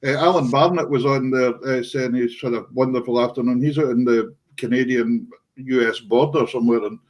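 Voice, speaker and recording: A man's voice: mid-range voice, fairly even intonation, brisk, a little mellow, poor audio. A man with a Scottish accent hosting a casual music show, full of effusive praise and thanks. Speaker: show host. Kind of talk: casual chat.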